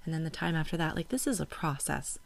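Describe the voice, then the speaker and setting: A woman in her thirties hosts a parenting podcast solo, talking casually and reflectively, getting emotional and laughing it off. Her low, gravelly voice is animated and quick.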